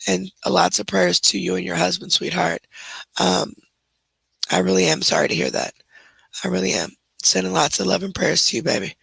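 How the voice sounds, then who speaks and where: A woman hosting a livestream in casual chat, hoarse with her voice nearly gone, talking straight to her viewers and moderators. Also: fairly low pitch, lively intonation, normal speed, fairly bright tone, no room sound, rough recording. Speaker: livestream host.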